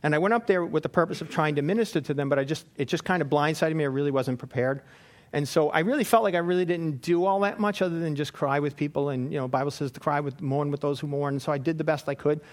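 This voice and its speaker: A man's voice: a little high, fast talker. A man giving an informal Bible teaching in a rambling, anecdotal way, with frequent fillers. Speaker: preacher.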